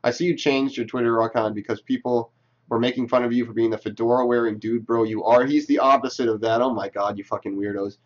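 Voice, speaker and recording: A man's voice: lowish voice, steady tone, a little fast. Sarcastic, profane man, lo-fi sound. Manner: sarcastic, profane, talks back to what he reads. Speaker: commentator reading tweets. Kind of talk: casual reaction commentary.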